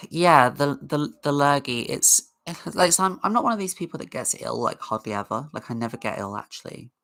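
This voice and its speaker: A woman's voice: rumbling low, animated, moderate pace, a bit bright. A woman hosting a casual livestream, chatting in a rambling way and greeting viewers in the chat. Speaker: livestream host.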